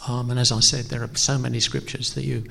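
Gravelly-voiced pastor in an echoing hall. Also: male voice, medium pitch, level tone, fast talker, a bit bright. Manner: hesitant, self-deprecating, frequent ums. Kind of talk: conversational sermon. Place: church. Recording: long reverb of a church hall.

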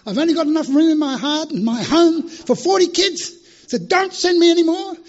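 A man's voice: very high voice, fast, darkish tone, slightly rough, voice pushed up, exaggerated voice. A man voicing an exasperated missionary woman who pleads indignantly with God in a raised voice. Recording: dull lo-fi recording.

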